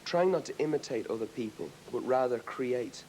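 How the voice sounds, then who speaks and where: A man's voice: mid-range voice, animated, normal speed, dark tone, slight background noise, rough recording. An Irish man talking as a guest in a casual TV studio interview, thoughtful and rambling, often restarting his sentences. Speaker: rock singer interviewed as a guest. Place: TV studio with an audience.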